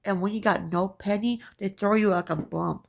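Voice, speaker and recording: A woman's voice: medium pitch, steady tone, moderate pace, creaky. A woman ranting to camera, profane and emphatic, repeating her points and asking "right?" again and again. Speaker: spiritual vlogger.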